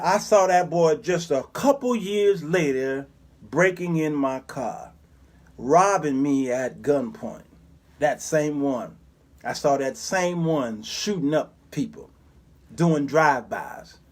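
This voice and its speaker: A man in his fifties hosting his own show, telling a story in an animated, preacherly way and acting out the people in it. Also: a little high. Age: 50s. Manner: preacherly, animated, acts out characters. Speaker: show host. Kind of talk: commentary monologue with storytelling.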